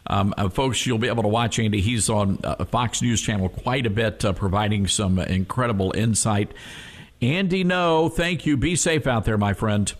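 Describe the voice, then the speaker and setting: A man's voice: on the low side, moderate pace. A man hosting a talk radio show, speaking in a folksy, emphatic way and repeating phrases for effect. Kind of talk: conservative talk radio monologue.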